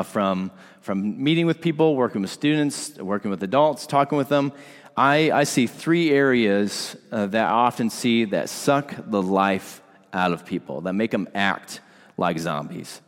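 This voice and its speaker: Man preaching in a reverberant hall. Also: medium pitch. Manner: conversational, asks the congregation to respond. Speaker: pastor. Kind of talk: sermon.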